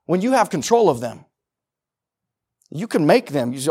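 Middle-aged male pastor, high voice, emphatic conversational sermon delivery with repeated phrases. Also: sing-song, moderate pace, dark tone, slightly rough.

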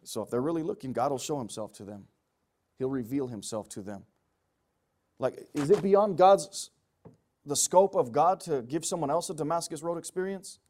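Male preacher, high-pitched, emphatic delivery with big swings in volume. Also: moderate pace. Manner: emphatic, swinging from loud pleading to low quiet asides. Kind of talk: sermon.

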